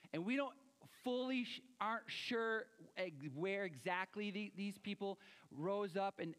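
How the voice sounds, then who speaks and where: Animated high-voiced male preacher. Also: clean tone, in a large hall. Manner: animated, acts out quoted voices, swings loud and soft. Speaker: pastor. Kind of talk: sermon.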